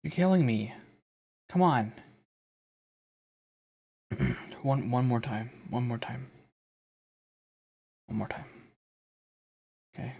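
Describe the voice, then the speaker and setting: Man, streamer, husky, middle pitch, exasperated, self-mocking, repetitive casual chat. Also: lively intonation, slow, long pauses, dark tone. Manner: exasperated, self-mocking, repeats commands over and over.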